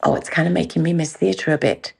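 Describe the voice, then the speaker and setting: Geordie woman telling lively anecdotes. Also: low voice, brisk, gravelly, very noisy. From Newcastle, England. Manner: animated, theatrical storytelling with voiced quotes. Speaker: podcast host. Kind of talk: candid storytelling chat.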